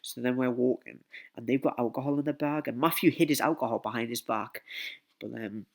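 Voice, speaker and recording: A man's voice: mid-range voice, brisk. A man telling a casual storytime vlog story, rambling, repeating himself and swearing often. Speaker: vlogger.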